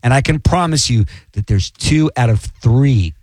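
A man's voice: medium pitch, animated, measured pace, a little mellow, dry recording. A man, a comedian guest, chatting casually on a talk show, rambling and self-deprecating.

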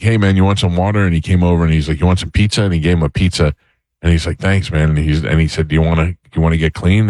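Deep-voiced, fast-talking radio host. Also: male voice, a little mellow, no room sound. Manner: storytelling, acts out both sides of exchanges. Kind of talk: casual morning radio banter. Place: radio studio. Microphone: studio mic.

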